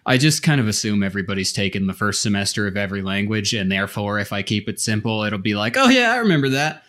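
A man's voice: lowish voice, steady tone, fast talker, a bit bright. Rambling, self-deprecating male podcaster. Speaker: podcast co-host. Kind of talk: casual chat.

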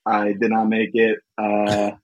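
A man, a comedian and actor, talking in a relaxed, self-deprecating way as an interview guest. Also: fairly low pitch, slow, dry recording, rough recording. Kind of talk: casual interview.

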